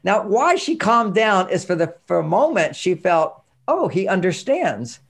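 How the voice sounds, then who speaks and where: A man coaching parents on emotions, telling stories and acting out the dialogue in an animated way. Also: high voice, normal speed, creaky. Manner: animated storytelling, acts out dialogue. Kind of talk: instructional talk with anecdotes.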